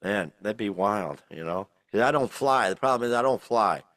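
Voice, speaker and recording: A man with a low-pitched voice co-hosts a podcast in loose, rambling chat. He sounds a little buzzed and laughs often. The sound is close and dry. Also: animated, moderate pace, fairly bright tone, no echo. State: tipsy. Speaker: podcast co-host. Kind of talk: casual chat.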